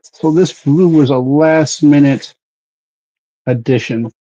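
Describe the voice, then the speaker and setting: A man's voice: a little high, slow pace, dark tone, lo-fi sound. A man hosting a livestream, chatting casually while airbrushing a model and greeting viewers by name. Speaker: livestream host.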